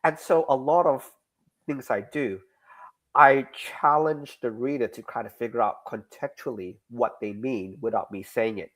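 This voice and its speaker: A middle-aged Australian man, a guest creator in a casual interview, explaining his writing in an animated way and acting out lines of dialogue. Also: mid-range voice, a little slow. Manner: animated, acts out dialogue examples.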